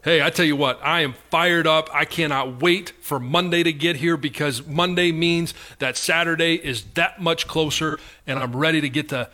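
A man hosts a sports radio show. His voice is bright and forceful, and his tone is upbeat and chatty with a few fillers. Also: fairly high pitch, normal speed, hardly any pauses. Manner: upbeat, conversational, some fillers. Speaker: host.

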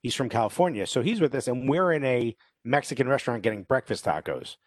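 A Cuban-American man co-hosts a casual podcast chat, speaking fast in a medium-pitched voice captured with clean, echo-free studio quality. He's an animated storyteller who acts out quoted voices and says "you know" a lot.

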